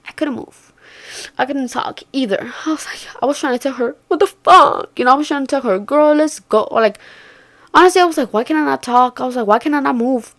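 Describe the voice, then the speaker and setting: A young woman with a somewhat high voice tells a story in a loose, profane, slangy way. She swings from loud, excited outbursts to low, hushed asides. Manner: animated, swearing, slangy, shifting between loud outbursts and hushed murmurs. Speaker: vlogger. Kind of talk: casual storytime.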